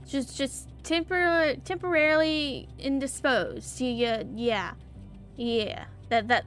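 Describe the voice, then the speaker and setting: A woman streamer comments on her game in an emotive, exclamatory way that stumbles and repeats. Her slightly high voice moves slowly. Faint game music runs behind her. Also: fairly bright tone. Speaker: gaming streamer. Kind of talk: let's play commentary.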